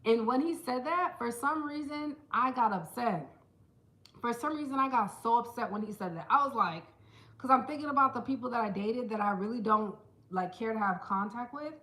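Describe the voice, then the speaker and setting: A woman talks casually to a small handheld camera in a vlog. Her voice is bright and pitched a little high. She is chatty and playful, addressing viewers as close friends. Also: moderate pace. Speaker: vlogger.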